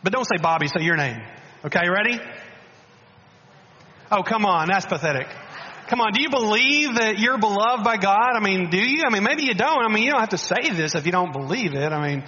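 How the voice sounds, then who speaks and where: A man preaching a sermon as a guest speaker, animated and coaxing, often restarting and repeating words. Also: high-pitched, brisk, long reverb tail, highs cut off.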